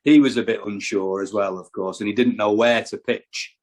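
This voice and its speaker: Lower-pitched man, hesitant guest on a chat podcast, stumbles over words. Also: fairly even intonation, normal speed, darkish tone. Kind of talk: casual chat.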